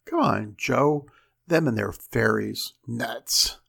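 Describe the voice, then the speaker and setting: A man's voice: medium pitch, animated, takes it slowly, creaky, a bit bright, slightly rough, heavily acted. A man doing a sneering twelve-year-old boy. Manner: sneering, dismissive.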